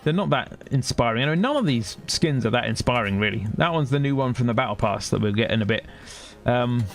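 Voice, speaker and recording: A man's voice: medium pitch, lively intonation, brisk, soft background music. A man commenting casually on his gameplay as a streamer, chatty and sarcastic as he thinks aloud. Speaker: gaming streamer.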